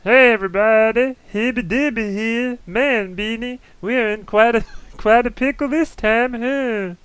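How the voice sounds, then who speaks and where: A man voicing a goofy, excitable male cousin character in a squeaky, giggly voice for a stream break video. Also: measured pace, smooth, no room sound.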